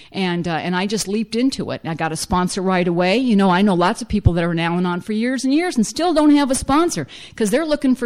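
A woman's voice: on the low side, a little mellow. A middle-aged woman sharing her recovery story with a group, blunt and humorous, with many "you know"s. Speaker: speaker sharing at a recovery meeting. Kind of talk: personal recovery share to a group.

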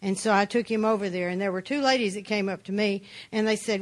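A woman's voice: mid-range voice, fairly even intonation, quick pace, few pauses. A woman giving a personal testimony talk, telling her story bluntly and plainly with dry humor. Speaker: speaker sharing her recovery story.

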